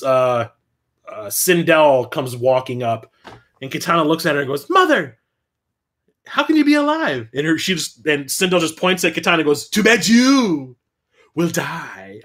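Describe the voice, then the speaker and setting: A man hosting a casual livestream, telling stories in an animated way and swearing freely. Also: on the high side. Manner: animated storyteller, swears freely, quick bursts of excitement. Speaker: livestream host.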